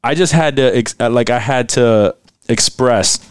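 A man's voice: medium pitch, a little slow, clean tone, no echo, clean studio sound. Laughing, foul-mouthed male podcast host. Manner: laughs often, profane, joking. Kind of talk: casual crude podcast banter.

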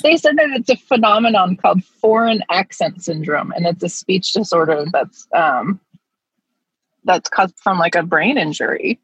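A woman's voice: lowish voice, animated, normal speed, husky, dry recording, lo-fi sound. A woman co-hosting a podcast, telling a story in a rambling, giggly way with lots of fillers. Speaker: podcast co-host. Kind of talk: casual chat, storytelling.

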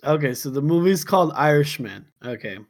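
A man co-hosting a podcast, improvising a rambling comic story, laughing often and slipping into quick silly impressions. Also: on the high side, animated, no echo. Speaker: podcast co-host.

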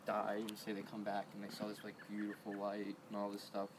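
A man's voice: lowish voice, monotone, brisk, a little hiss or hum, rough recording. A man talking casually as a guest, hesitant and restarting sentences, his voice shaking from the cold. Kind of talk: casual conversation.

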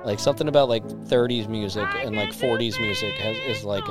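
A man's voice: on the low side, a little fast. A young man hosting a podcast in casual, rambling chat, full of "like" and swearing. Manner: rambling, filler-heavy, profane. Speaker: podcast host. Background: old recorded music playing.

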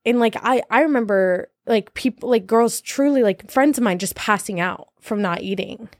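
A woman's voice: a little high, normal speed, no echo, clean studio sound. A young woman in her twenties talking candidly in a casual podcast chat, laughing often and using many fillers.

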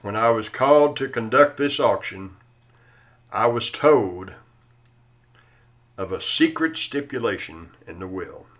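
A man's voice: lowish voice, lively intonation, measured pace, long pauses, fairly bright tone. A man reading as a patient auctioneer. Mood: solemn. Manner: patient, repeating calls for bids. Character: steady male auctioneer at an estate sale.

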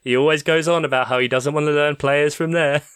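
A man's voice: on the high side, steady tone, brisk, fairly bright tone, clear, resonant tone, no echo, studio quality. A man hosting a casual podcast football quiz, reading out answers in a playful, teasing way. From England. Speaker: quiz host.

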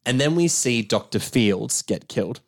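A man's voice: mid-range voice, expressive, normal speed. A man co-hosting a podcast, eagerly recapping a horror film scene by scene, agreeing often and swearing casually. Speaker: podcast co-host.

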